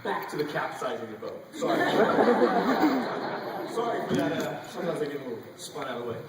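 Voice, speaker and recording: Animated, profane man in an echoey hall. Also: medium pitch, racing, a loud crowd. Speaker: panel guest actor. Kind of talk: convention panel storytelling. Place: large convention hall. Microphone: audience camera far from stage. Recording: echoey hall recorded from far off with noise.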